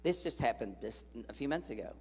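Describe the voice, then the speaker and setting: Husky, folksy middle-aged evangelist man. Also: mid-range voice, brisk, big-room sound. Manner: folksy, animated, jokes with the congregation. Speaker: evangelist preacher. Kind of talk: sermon with storytelling. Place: church.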